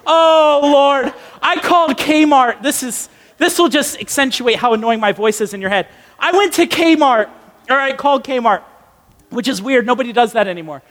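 A young man in his twenties preaching in a casual storytelling style, animated, emphatic and self-mocking. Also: extremely high pitch, brisk. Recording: long echoey hall reverb.

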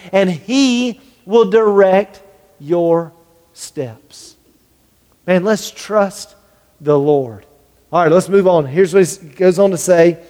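A man's voice: high voice, a little mellow, long reverb tail. A man preaching a sermon as a pastor, earnest, acting out the lines of people he describes. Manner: earnest, acts out dialogue in quoted voices.

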